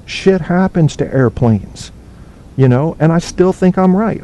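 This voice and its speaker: A man hosting a casual podcast from home on a cheap microphone, talking bluntly and profanely in a rambling way while reading the live chat. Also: mellow. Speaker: podcast host. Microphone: cheap low-quality microphone. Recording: faint noise on a low-bitrate stream.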